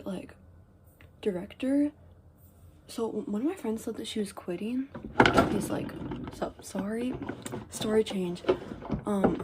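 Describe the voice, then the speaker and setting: A teenage girl rambling through a casual get-ready-with-me story, full of "like" and "um", with quiet asides. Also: medium pitch, noisy background. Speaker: vlogger.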